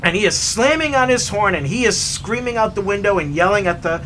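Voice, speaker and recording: A man telling a story in a chatty, animated way while hiking outdoors, recorded on a camera mic. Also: high-pitched, a little fast, a little hiss or hum. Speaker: hiking vlogger. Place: outdoors on a trail.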